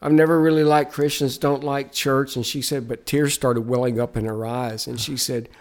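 A man's voice: mid-range voice, flat delivery, normal speed. A man, a Christian musician, telling stories in a podcast interview with an earnest, emphatic, preacher-like cadence.

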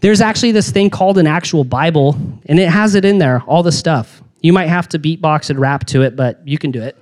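A young man giving a casual youth sermon, energetic and slangy, with frequent restarts and asides. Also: fairly high pitch, a little fast. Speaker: youth pastor.

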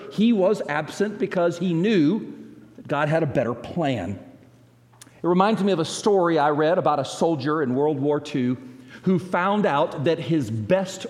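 A man preaching a sermon as a pastor, with dramatic pauses and emphatic quoted lines. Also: high voice, a little mellow, big-room sound.

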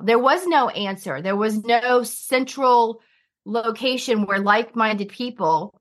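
A woman talking casually as a guest in an interview, chatty and quick to jump in. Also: fairly high pitch. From United States. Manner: chatty, finishes others' sentences.

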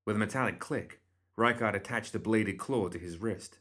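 A man reading a story aloud as audiobook narrator, in a steady, measured way. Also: on the low side.

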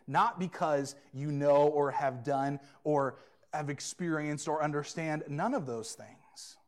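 A man preaching a sermon as pastor, earnest and emphatic, swinging between loud emphasis and quiet asides. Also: a little high, slow pace.

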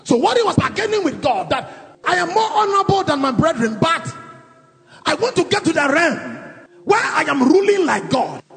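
A man preaching a sermon as pastor, calling out declarations and leading prayers with shouted emphasis. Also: very high voice, sing-song, moderate pace, vocal fry. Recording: long reverb, faint music.

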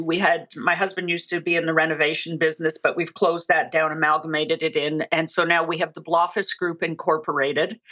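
A woman's voice: on the low side, fairly bright tone. A woman coaching financial advisors, telling stories in an earnest, chatty way and acting out the dialogue she quotes. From Canada. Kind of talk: conversational storytelling. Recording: muffled lo-fi audio.

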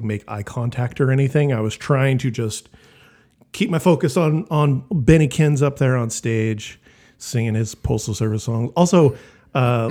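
A man's voice: medium pitch, darkish tone. A man co-hosting a podcast in casual chat, laughing often and trailing off into restarts. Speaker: podcast co-host.

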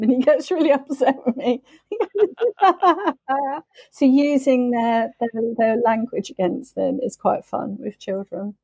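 Playful husky woman. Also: on the high side, measured pace, a little mellow, no room sound. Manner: playful, teasing, laughs a lot. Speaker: podcast co-host. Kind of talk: casual chat.

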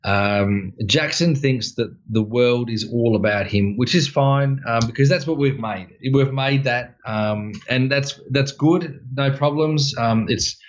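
Male podcast co-host, mid-pitched, rambling storyteller, dull slightly lo-fi audio. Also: a little slow, hardly any pauses. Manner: rambling storyteller with fillers, animated re-enactments. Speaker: podcast co-host, wellness expert. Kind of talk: casual podcast chat.

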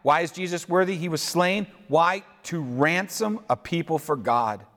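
A man preaching a sermon, deliberate and questioning, addressing listeners who worship at home. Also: on the high side, animated, a bit bright. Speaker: pastor. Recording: echoey hall reverb.

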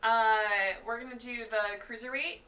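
A woman co-hosting a casual podcast chat, brisk and keeping the show moving. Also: on the high side, fairly even intonation, pushed and bright. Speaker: podcast co-host. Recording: slightly distant mic with faint noise.

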